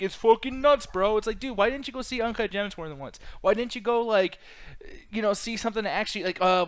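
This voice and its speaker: A man's voice: high-pitched, fairly bright tone, no room sound. A man hosting a casual livestream chat, rambling and swearing a lot, laughing as he talks. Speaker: podcast host.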